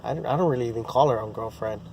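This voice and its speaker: A man's voice: mid-range voice, fast, vocal fry, darkish tone, a little hiss or hum. Rambling man telling a story. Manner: rambling, full of restarts and "you know, bro". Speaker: sports vlogger. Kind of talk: casual storytelling.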